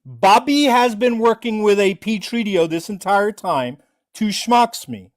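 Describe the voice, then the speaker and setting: A livestreamer narrating a callout to viewers, the pitch swinging up and down constantly. The voice sits in a middle register and turns mocking and theatrical. Informal talk to camera. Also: animated, a little slow.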